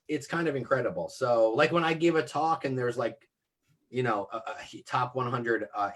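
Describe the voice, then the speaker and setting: A man hosting a casual video call chat, rambling along with lots of likes and you-knows. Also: fairly low pitch. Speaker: host.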